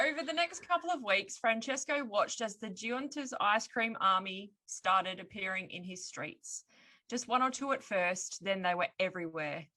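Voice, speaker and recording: Bright-voiced woman telling a story. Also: mid-range voice. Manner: laughs often, sardonic asides. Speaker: podcast host telling the story. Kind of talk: casual storytelling chat.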